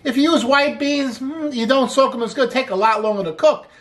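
A man's voice: very high voice, a little fast, fairly bright tone. A middle-aged man hosting a cooking show as a chef, chatty and upbeat, walking through a recipe step by step with frequent exclamations. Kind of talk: casual cooking demonstration.

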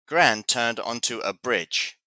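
A man teaching English, reading a children's story aloud slowly and clearly. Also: mid-range voice, sharp tone, no room sound. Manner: slow, clear, deliberate reading.

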